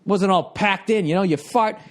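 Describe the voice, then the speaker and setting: A man in his forties, a comedian, delivers an exasperated comic story, swearing constantly, his voice jumping whenever he's riled. His voice is high-pitched and his pace moderate.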